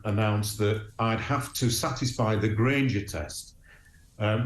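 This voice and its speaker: A man from Huddersfield, a guest telling his story earnestly, with many ums and restarts. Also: lowish voice. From Huddersfield, England. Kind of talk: remote interview. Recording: echoey room with faint noise.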